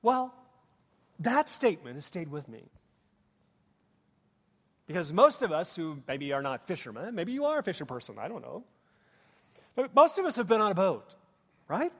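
A man's voice: high-pitched, big pitch swings, normal speed, long pauses. A middle-aged man from Minnesota with a Minnesotan accent, preaching a sermon in a folksy, humorous storytelling way with plenty of fillers. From Minnesota, USA. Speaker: pastor. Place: church sanctuary. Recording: long reverb of a large hall.

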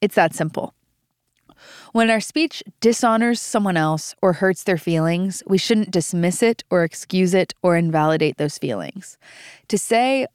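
Young woman doing a bible podcast, earnest and emphatic, smooth clear voice, dry close mic. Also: mid-range voice, dry recording. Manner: earnest, emphatic, reads scripture aloud. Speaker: podcast host. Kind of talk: devotional Bible teaching.

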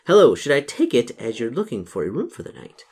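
A man's voice: mid-range voice, huge pitch swings, fast, a little mellow, slightly rough. Man reading as a chatty village landlady. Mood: friendly. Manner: chatty and hospitable.

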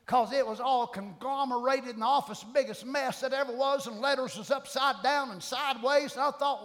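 A middle-aged man preaching a sermon, shouting fervent declarations between folksy asides. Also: very high-pitched, normal speed, hardly any pauses. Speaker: pastor. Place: church sanctuary. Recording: long church hall reverb.

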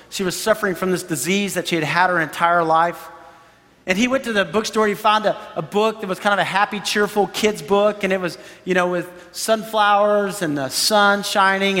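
A man's voice: high voice, a bit bright, long reverb tail. A man preaching a sermon as pastor, talking to his congregation in a loose, conversational way. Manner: conversational preaching with frequent "you know" and "right?".

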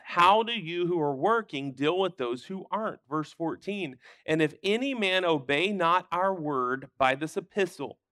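A man's voice: fairly high pitch, fairly bright tone, dry recording, clean studio sound. A man teaching a Sunday school Bible lesson, explaining scripture with emphatic bursts.

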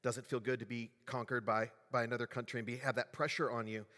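A man's voice: medium pitch, level tone, fast talker, pushed and bright. A man preaching a sermon as pastor, in a conversational way, often asking the congregation questions. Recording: long reverb of a large hall.

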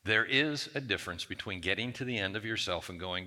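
A man's voice: brisk, hardly any pauses, sharp tone. A man pastor preaching a sermon to a congregation, acting out the whiny complaints of biblical figures in a raised voice. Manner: acts out whiny biblical quotes in a raised pitch. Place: church hall. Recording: long hall reverb.

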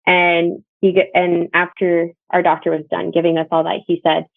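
Over a tinny, phone-like line with a dry sound, this young Northern Virginia woman gives personal testimony about losing a child. Her lowish, creaky voice holds a level tone at normal speed. She reflects earnestly and conversationally, relaying what others said in dialogue.

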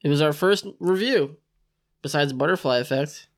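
A man's voice: on the high side, moderate pace. Male podcast host, laid-back and joking, chatting with friends. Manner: laughing, joking banter. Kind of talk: casual chat.

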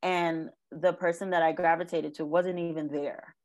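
Slightly low-voiced woman telling a painful story. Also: little pitch movement, a little mellow. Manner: earnest, halting, with many ums and likes. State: emotional, near tears. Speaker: guest sharing her life story. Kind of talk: emotional personal testimony.

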